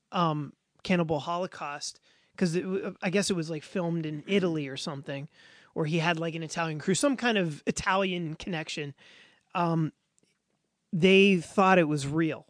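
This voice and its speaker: Brief: high-pitched man, loose podcast chatter, close dry mic. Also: normal speed, no echo. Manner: rambling, lots of fillers. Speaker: podcast co-host. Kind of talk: casual chat.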